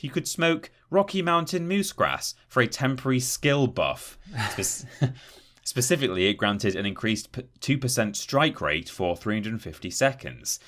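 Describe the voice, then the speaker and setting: A man's voice: lowish voice, a bit bright. A man co-hosting a podcast, reading gaming news aloud in casual chat and stumbling over words. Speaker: podcast co-host.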